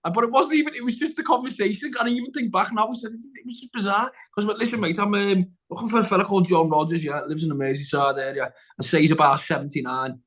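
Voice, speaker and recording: A man's voice: high-pitched, fast, few pauses, fairly bright tone, poor audio. A man, a guest actor on a podcast, telling a long story in casual chat, rambling and restarting, acting out what people said. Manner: rambling, with many restarts and acted-out quotes.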